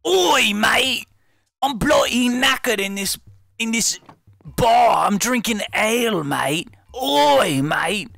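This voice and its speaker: A man voicing a rowdy British bloke at a pub, in a shouty, exaggerated mock-British accent. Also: very high voice, lively intonation, slow pace, gravelly, no room sound, soft background music, pitched above the performer's own voice, exaggerated voice. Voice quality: shouty exaggerated cockney put-on.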